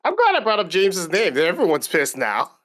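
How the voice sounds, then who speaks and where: A man co-hosting a casual gaming podcast, talking trash in a loud, profane, joking way. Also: high voice, a little fast. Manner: animated, profane trash talk. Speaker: podcast co-host.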